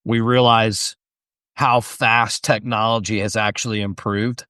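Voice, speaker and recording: A middle-aged man in casual podcast conversation, easygoing and quick to agree with the other speaker. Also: on the low side, flat delivery, pushed and bright, clear, resonant tone, no echo, studio quality. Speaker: podcast co-host or guest. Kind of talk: casual chat.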